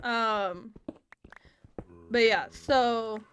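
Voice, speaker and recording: A woman's voice: on the high side, extremely slow, background noise. A woman from the American South with a Southern accent, rambling casually to her stream chat and laughing often.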